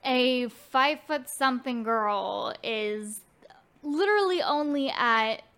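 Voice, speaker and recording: Relaxed young woman, filler-heavy chat. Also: sits high, slow pace. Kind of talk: casual chat about video games.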